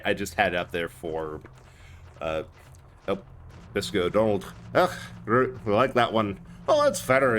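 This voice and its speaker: Slow-talking, laughing male streamer. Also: fairly low pitch. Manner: chatty, laughs often, talks to chat by name; putting on a cobbled-together Scottish accent. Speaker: live streamer. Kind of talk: casual gameplay stream chat. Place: hot room at home. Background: game music.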